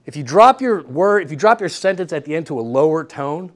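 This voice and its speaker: A young man speaks to a lecture room in a fairly high voice. He is energetic and repeats his main points, often checking in with the listeners. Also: a little fast. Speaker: guest lecturer. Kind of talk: university workshop talk.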